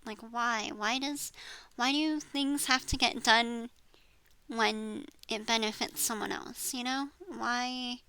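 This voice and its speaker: Woman in her 30s venting on a vlog, bright slightly high voice, rambles and trails off, cusses a lot. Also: fairly even intonation, slow pace, low-quality recording. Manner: rambling, frustrated, trails off and restarts, swears. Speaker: vlogger. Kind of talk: rambling personal venting monologue.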